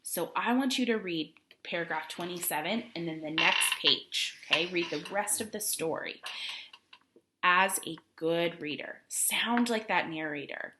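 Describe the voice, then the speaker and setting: A woman teacher giving a recorded reading lesson for children, expressive and encouraging, asking questions along the way. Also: on the low side, a little slow, background noise.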